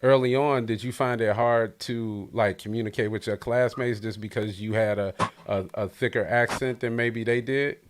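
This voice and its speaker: A man from Detroit hosts a casual podcast, energetic and full of jokes. He often doubles up his words as he talks. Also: mid-range voice, moderate pace. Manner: energetic, joking, repeats words. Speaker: podcast host.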